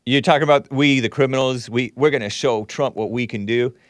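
A man hosting a call-in talk show, ranting sarcastically and reacting with quick laughs and asides. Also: medium pitch, no room sound, studio quality. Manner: animated, sarcastic, swings loud and soft, laughs at his own jabs.

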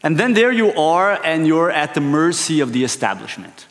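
A man's voice: on the high side, sing-song, moderate pace, a bit bright. A male preacher opening a sermon with a conversational, storytelling style, often checking in with his listeners. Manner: storytelling, keeps checking in with "right?". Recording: long hall reverb.

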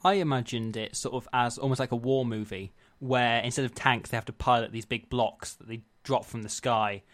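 A man in a casual chat, adding low-key, deadpan comic asides. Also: normal speed.

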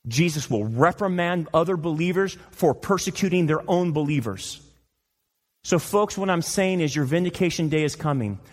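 A man's voice: on the high side, animated, normal speed, long reverb tail. A male pastor preaching a sermon, emphatic and fond of rhetorical questions. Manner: emphatic, rhetorical questions, mocking quoted voices.

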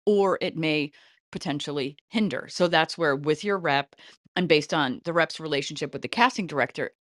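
A woman's voice: low voice, moderate pace, dry recording. Chatty middle-aged woman, dry close sound. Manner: animated, chatty, with frequent light laughs. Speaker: casting director. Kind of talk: interview answers, giving advice.

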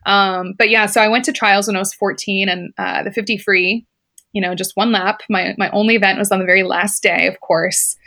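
A former competitive swimmer, appearing as an interview guest, chats casually while telling a personal story, laughing often and sprinkling in "like" and "you know." Her medium-pitched voice is steady and sharp, and she talks fairly quickly.

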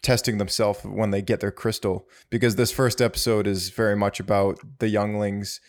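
A man's voice: fairly low pitch, level tone, moderate pace. A man co-hosting a casual talk show, easygoing and stumbling over restarts. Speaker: podcast co-host. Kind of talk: casual chat.

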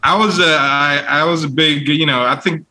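A man in casual podcast chat, talking earnestly and haltingly, often repeating himself. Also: fairly high pitch, fairly even intonation, crowd noise, poor audio.

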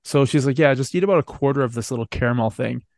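A man's voice: medium pitch, fast talker, vocal fry, darkish tone, no echo, clean studio sound. A man co-hosting a podcast, telling rambling stories in casual chat, swearing freely and laughing often. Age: adult. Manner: profane, storytelling, laughs often. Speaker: podcast co-host.

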